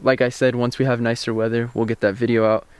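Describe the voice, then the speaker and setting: A man's voice: medium pitch, fast talker, smooth, no room sound. A young man hosting a car vlog, casually telling a story outdoors and acting out bits of quoted dialogue, recorded on a camera-mounted shotgun mic. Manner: relaxed, chatty, retells events with quoted dialogue. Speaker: car channel host. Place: outdoors by parked cars.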